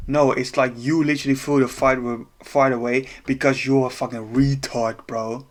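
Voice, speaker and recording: A man's voice: mid-range voice, flat delivery, normal speed. A man breaking down a fight in a casual, profane rant, exasperated and laughing at times. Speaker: MMA commentator.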